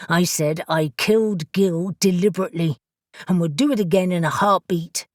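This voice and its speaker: A woman's voice: fairly low pitch, normal speed, a little mellow, no room sound, studio quality, lightly acted. A sneering young man, read by a woman. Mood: taunting.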